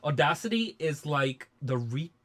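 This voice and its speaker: A man's voice: a little high, very animated, measured pace. A man hosting a casual studio livestream, rambling and restarting, with frequent swearing. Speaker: music producer and livestream host.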